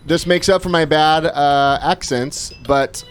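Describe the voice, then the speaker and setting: A man's voice: fairly high pitch, steady tone, slow pace, soft background music. A man co-hosting a casual livestream from an indoor studio, chatting and reading viewer comments aloud. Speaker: livestream co-host. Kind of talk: casual livestream chat with auction.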